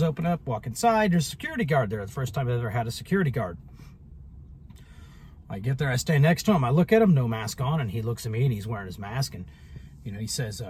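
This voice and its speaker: A man's voice: medium pitch, darkish tone, slight background noise. A man telling a story in a casual vlog monologue, rambling and sarcastic, with many restarts. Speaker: vlogger.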